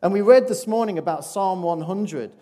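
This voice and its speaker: A man's voice: high-pitched, normal speed, warm tone. A man giving a playful children's talk in a church service, chatting and asking the audience questions. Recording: long reverb of a large hall.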